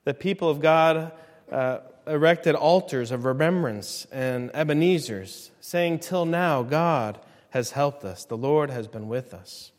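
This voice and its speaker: Male pastor preaching in a reverberant hall. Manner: dynamic preaching, rising loud on climaxes and dropping low. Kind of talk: sermon.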